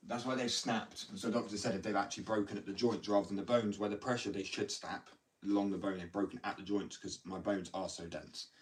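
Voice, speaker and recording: A young skater vlogger delivers a heated, rambling casual monologue full of restarts and swearing. His fairly low voice keeps a steady tone at a brisk pace, captured by a distant mic with faint background noise.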